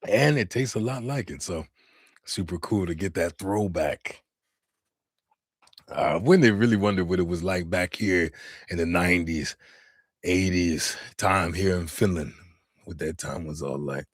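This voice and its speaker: A man hosting a casual livestream chat from his home in Finland, reading and reacting to the live chat in a lively, talkative way. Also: sits low, unhurried, pauses often, slightly rough, no echo, studio quality. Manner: animated, chatty, laughs and exclaims often. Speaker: livestream host.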